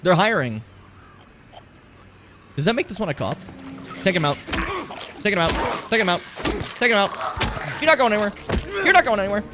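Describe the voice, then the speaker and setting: A man streaming a video game in casual commentary, excitable, swearing and shouting at enemies. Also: high-pitched, measured pace, long pauses, noisy background. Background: game music.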